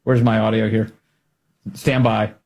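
A man's voice: fairly low pitch, level tone, a little slow, darkish tone. A male talk show host giving casual political commentary, joking and candid, often restarting his sentences and laughing.

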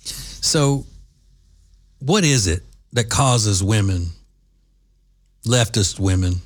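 A man's voice: fairly low pitch, lively intonation, very slow. A man hosting an opinion commentary show, sarcastic and scornful in his asides. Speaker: political commentator.

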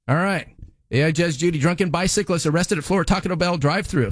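A man's voice: a little high, fast talker, dry recording, studio quality. A man hosting a comedy segment who introduces odd news headlines with a wry tone. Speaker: host introducing clips.

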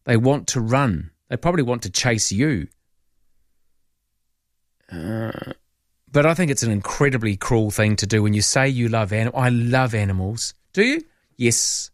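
A middle-aged man hosting talkback radio, opinionated and animated, taking callers. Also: mid-range voice, normal speed, pauses often, dry recording, clean studio sound. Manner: opinionated, animated, mock-voices people. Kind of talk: casual talkback chat.

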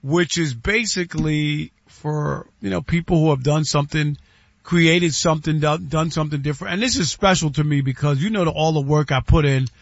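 A man co-hosting a sports radio show, talking in animated, playful banter. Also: on the high side, normal speed, gravelly, no echo, muffled recording. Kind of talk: casual sports radio chat.

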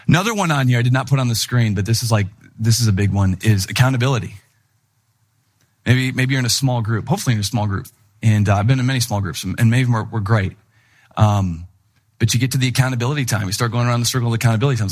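A middle-aged man preaching a sermon in an animated, conversational way, acting out the people he quotes. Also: mid-range voice, fast. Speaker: pastor.

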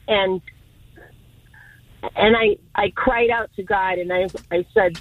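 A woman calls in from her car, sharing a personal testimony. She sounds emotional and stammers, with a slightly husky voice. The line is thin and tinny, like a phone call. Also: medium pitch, fairly even intonation, slow pace, long pauses, dry recording. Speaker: caller. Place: car, driving.

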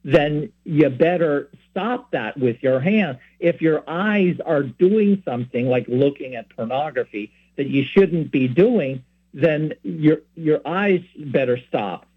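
A man's voice: fairly high pitch, expressive, takes it slowly, slightly rough. A man from San Francisco who hosts a Catholic program, giving rambling, earnest spoken teaching with many asides. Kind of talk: informal spoken teaching and personal story. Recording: tinny phone-like sound.

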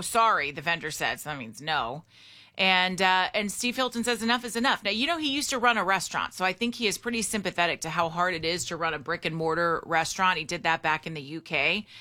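Female talk radio host, bright edgy tone, opinionated patter, running the call-in line. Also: mid-range voice. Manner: chatty, opinionated, reads out poll figures and the call-in number.

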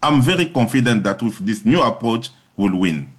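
A man's voice: lowish voice, lively intonation, moderate pace, slightly rough. Earnest man explaining in an interview. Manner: earnest, emphatic, repeating phrases in lists. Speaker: public health agency head. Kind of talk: broadcast interview answers.

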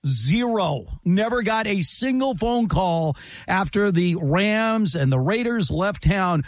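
A man talking sports on the radio, his fairly high voice swinging up and down as he spins jokey stories. The studio sound is close and dry. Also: takes it slowly, dry recording. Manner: animated, jokey storytelling. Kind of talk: casual sports talk.

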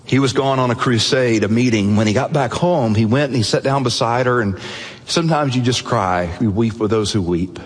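A man preaching a sermon, telling a story earnestly and softening his voice at emotional points. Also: medium pitch, fairly quick, breathy edge. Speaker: pastor. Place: church sanctuary. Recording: long reverb of a large hall.

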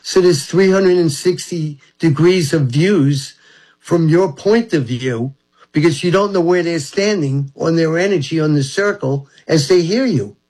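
A man's voice: fairly high pitch, unhurried, darkish tone, poor audio. A man in his seventies, a talk-show guest from Brooklyn, telling rambling, earnest stories about his spiritual life. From Brooklyn, New York. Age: 70s. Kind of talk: reflective storytelling.

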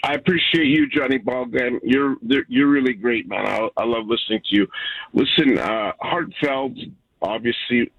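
A man's voice: mid-range voice, normal speed, gravelly, slightly rough, no echo. A man in his sixties from Canada, calling in to a radio show and telling a heartfelt, rambling story. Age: 60s. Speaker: caller. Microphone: phone. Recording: dull lo-fi phone-in line.

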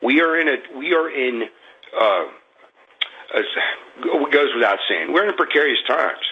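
Frustrated guy calling in to a radio show, husky voice, rambles with lots of uhs. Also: mid-range voice, animated, muffled recording. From Florida. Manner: rambling, frustrated, halting with fillers. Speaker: radio caller. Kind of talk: call-in venting.

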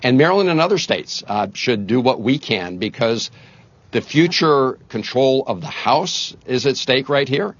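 A man speaking as a senator in a live TV news interview, talking emphatically with frequent fillers and building to forceful points. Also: medium pitch, lively intonation, unhurried, husky, no room sound. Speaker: senator guest. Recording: dull lo-fi broadcast audio.

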